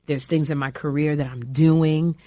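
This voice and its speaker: A woman's voice: deep voice, moderate pace, no room sound, studio quality. A middle-aged woman, an actress and comic, chatting in an interview and acting out the voices in her stories. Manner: animated storyteller, acts out quoted voices. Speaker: actress and comedian guest. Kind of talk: lively interview chat.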